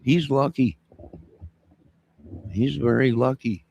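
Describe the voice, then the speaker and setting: A man's voice: medium pitch, slow pace, creaky, darkish tone, highs cut off, slight background noise. A man co-hosting a livestream, chatting casually and rambling while he repeats himself. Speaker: livestream co-host.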